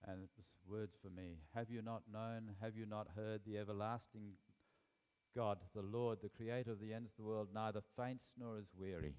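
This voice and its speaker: A man's voice: on the low side, steady tone, moderate pace, darkish tone, smooth. A man preaching a sermon to his congregation, reading scripture aloud and speaking to the people in the room. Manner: reads scripture aloud, then talks with the congregation. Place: church hall. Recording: hall reverb.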